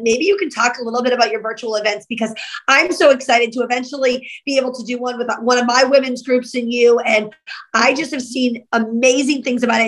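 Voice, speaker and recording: High-voiced upbeat woman host. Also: fairly bright tone, low-quality recording. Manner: upbeat, enthusiastic, says "like" often. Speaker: podcast host. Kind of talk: casual podcast interview.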